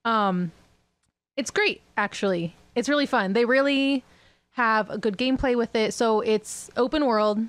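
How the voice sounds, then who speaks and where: A woman's voice: on the high side, measured pace, smooth, no echo. A woman co-hosting a podcast, chatting casually and rambling with lots of fillers and laughs. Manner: rambling, giggly, lots of likes and ums. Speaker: podcast co-host. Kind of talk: casual chat.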